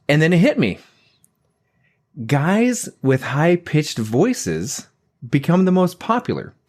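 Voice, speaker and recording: A man co-hosting a comedy podcast, deadpan and teasing. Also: on the high side, slow pace, pauses often. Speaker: podcast co-host. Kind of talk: casual comedic podcast chat.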